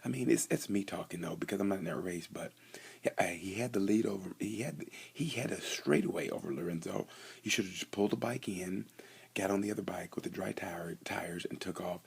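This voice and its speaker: A man's voice: deep voice, a little fast. A young man rambling through a casual, joking race review, often stumbling and restarting. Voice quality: gravelly, husky.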